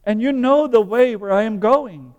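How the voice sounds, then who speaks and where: A preacher voicing a tender, comforting teacher. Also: male voice, high-pitched, moderate pace, a little mellow, long reverb tail, lo-fi sound, voice pushed up, natural voice. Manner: sweet, kind, comforting. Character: gentle, tender male teacher speaking to followers. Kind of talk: sermon scripture reading.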